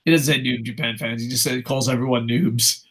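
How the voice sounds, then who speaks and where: A man's voice: mid-range voice, steady tone, a little fast, fairly bright tone. A man hosting a casual wrestling talk show, ranting with constant swearing and reading out viewer comments. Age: adult with a child. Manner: profane passionate ranting. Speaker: podcast host.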